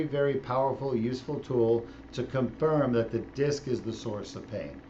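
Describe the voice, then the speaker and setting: A man's voice: medium pitch, a little mellow. Middle-aged man, spine surgeon, casual and joking, slightly dull operating-room audio, faint hum behind. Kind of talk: explaining while operating.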